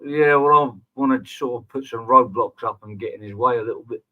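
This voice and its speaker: A man's voice: mid-range voice, brisk, phone-quality sound. A man chatting casually as a guest, earnest and easygoing. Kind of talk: casual chat.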